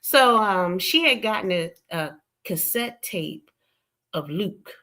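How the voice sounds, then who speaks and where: A woman with a Southern US accent hosting a casual livestream. She tells stories with big swings between loud outbursts and hushed asides. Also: mid-range voice, expressive, slow. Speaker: livestream host.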